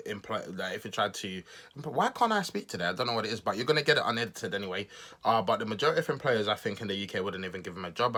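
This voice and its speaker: A man with a low-pitched but bright, forceful voice hosts his own podcast. He talks through his views casually and loosely, trips over words and restarts sentences often. Now and then he pokes fun at himself. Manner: rambling, with frequent restarts and stumbles; self-deprecating asides. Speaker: podcast host. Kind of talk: casual political commentary monologue.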